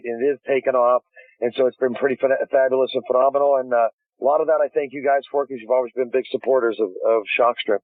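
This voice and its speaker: A man's voice: mid-range voice, no room sound. A man, a guest inventor on a phone interview, telling stories eagerly with frequent restarts. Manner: enthusiastic storytelling with many restarts. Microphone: phone call. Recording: dry tinny phone line.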